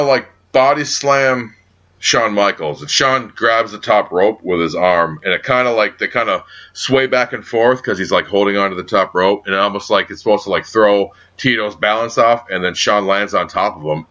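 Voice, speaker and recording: A man co-hosting a casual wrestling podcast, talking in a profane, lively way and teasing his co-host. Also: on the low side, moderate pace. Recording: dull lo-fi audio.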